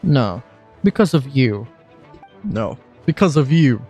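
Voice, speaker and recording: A man voicing a serious, stern young nobleman from a game, pushing his voice lower and speaking curtly. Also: sing-song, slow, darkish tone, soft background music. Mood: cold. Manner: curt, cold, forced deep voice. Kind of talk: reading game dialogue aloud.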